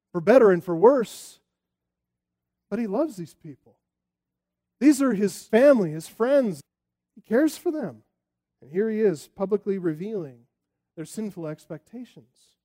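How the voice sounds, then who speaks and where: A man's voice: high voice, mellow. A man preaching a sermon, emphatic and rising and falling, sometimes acting out the taunts of a crowd. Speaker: pastor.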